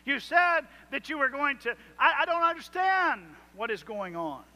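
A man's voice: extremely high pitch, big pitch swings, normal speed, sharp tone. A man preaching a sermon, rising into emphatic swells and acting out prayers in quotes. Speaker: pastor.

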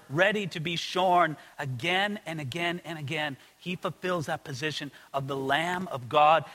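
Emphatic high-voiced male Bible teacher. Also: pushed and bright, in a large hall. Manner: emphatic preaching, voices biblical quotes. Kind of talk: audio Bible commentary.

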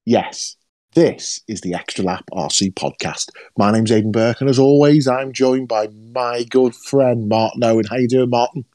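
Joking podcast host. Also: male voice, medium pitch, moderate pace, mellow. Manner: jokey, teasing banter. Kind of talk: casual podcast chat.

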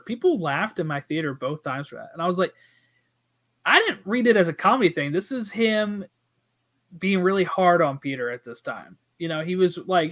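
A man's voice: high voice, normal speed. A man casually discussing a movie, retelling scenes and acting out the characters' lines. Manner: animated, acts out quoted dialogue. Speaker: podcast co-host.

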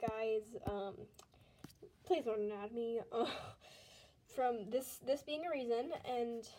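A teenage girl chats casually at home, high-voiced and self-mocking. She giggles and slips into whispered asides. A faint hiss and small clicks sit under her voice. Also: dark tone, rough recording. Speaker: vlogger. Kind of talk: casual commentary on old sketchbook. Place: bedroom at home.

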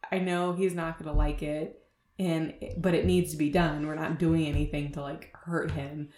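With a deep, darkish voice and flat delivery, a young woman talks through her birth story at a moderate pace. She's a podcast co-host keeping it chatty, filler-heavy, and full of laughter, and the audio sounds roomy.

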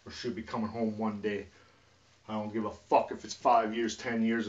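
A man in a profane, agitated rant that swings between quiet muttering and yelling. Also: fairly low pitch, level tone, normal speed. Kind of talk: rambling emotional rant to camera. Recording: distant, dull lo-fi recording.

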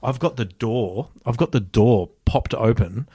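A young Australian man telling a story in casual chat, animated, swearing often and laughing as he talks. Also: mid-range voice, unhurried, slightly rough, no echo, studio quality.

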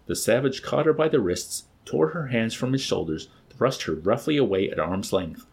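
Low, husky-voiced male narrator. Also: moderate pace, hardly any pauses. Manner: expressive, dramatic reading. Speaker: audiobook narrator. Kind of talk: scripted narration.

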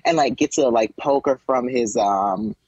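A man co-hosting a podcast, rambling through a casual, animated retelling and slipping into mocking quoted voices. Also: medium pitch, a little slow, husky, no echo, highs cut off. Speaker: podcast co-host. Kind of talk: casual chat.

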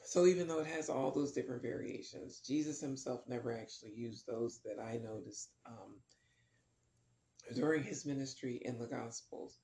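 A man's voice: mid-range voice, moderate pace, warm tone, echoey room. A man teaching a casual Bible lesson, rambling with many ums and restarts.

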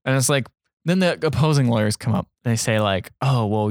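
A man's voice: medium pitch, brisk, a little mellow, no room sound, clean studio sound. A man co-hosting a podcast, casually retelling a film scene by scene and quoting its lines. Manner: rambling recap full of quoted dialogue. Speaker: podcast co-host. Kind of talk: casual movie recap chat.

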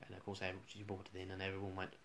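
A man's voice: low voice, completely flat delivery, rapid-fire, a bit bright, slight background noise. A man, a radio presenter, casually rambling through funny school anecdotes with restarts and chuckles.

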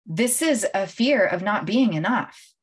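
A middle-aged woman speaks casually to her livestream viewers as a coach. She is animated and chatty and breaks into laughter often as she tells her stories. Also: mid-range voice, measured pace, husky. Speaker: life coach hosting a livestream. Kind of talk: casual live-stream talk to viewers.

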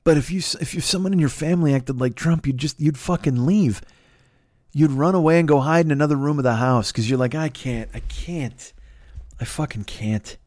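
Brisk and a bit high-voiced, a middle-aged Chicago man rants on his podcast with lots of profanity. The studio sound is clean with no room noise. He stays animated throughout, stumbling and restarting often.

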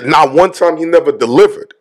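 A man's voice: a little high, brisk. A man in casual chat, speaking confidently with street slang and acting out quotes. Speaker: podcast co-host guest.

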